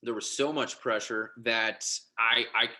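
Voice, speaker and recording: Male guest, forceful bright tone, animated, stumbles and restarts, casual story. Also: mid-range voice, a little slow. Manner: animated, with frequent restarts and repeated words. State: married father. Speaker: podcast guest.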